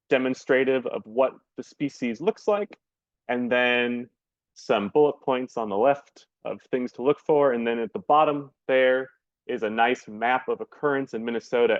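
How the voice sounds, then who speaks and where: A birding guide giving a casual slideshow lecture over a video call, relaxed and full of ums and uhs. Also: male voice, mid-range voice, dry recording. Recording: dull, dry lo-fi sound.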